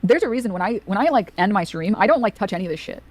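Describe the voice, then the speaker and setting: A woman's voice: medium pitch, lively intonation, racing, darkish tone. A woman streamer in a played clip, talking loosely with fillers and swearing. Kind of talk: casual livestream chat.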